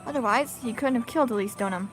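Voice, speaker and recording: A woman's voice: on the high side, quick pace, faint music behind, lightly acted. Woman reading as a dry young male attorney. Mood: musing. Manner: quiet, dry, musing. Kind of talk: reading game dialogue aloud.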